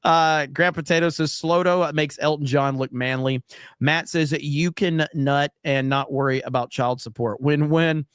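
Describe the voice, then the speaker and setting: In clean, dry studio audio, an American man reads out chat on his casual livestream, adding jokes and frequent fillers. His voice is fairly high, steady, a bit bright and clean-toned, and he takes his time.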